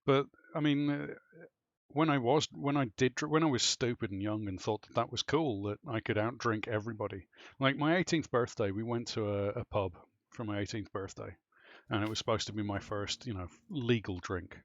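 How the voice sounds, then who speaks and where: A man with an Irish accent telling stories in casual chat with friends on a live stream, animated and swearing freely. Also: medium pitch, normal speed, no echo, muffled recording. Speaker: streamer chatting with clanmates.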